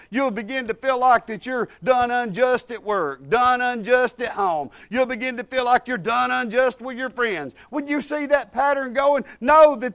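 Older male pastor, high-pitched, folksy sermon with hushed asides and bold shouted points. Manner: swings from soft asides to bold preaching shouts. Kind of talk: storytelling sermon.

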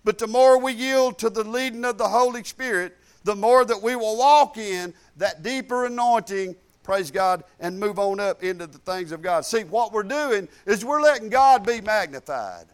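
High-voiced preacher. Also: male voice, moderate pace, hardly any pauses, clear, resonant tone. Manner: folksy, rising to loud emphatic preaching. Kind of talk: informal preaching with storytelling.

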